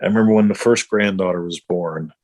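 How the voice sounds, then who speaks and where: A middle-aged man, co-hosting a casual chat, blunt and swearing freely as he tells animated stories. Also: low-pitched, a little fast, dry recording. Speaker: podcast co-host.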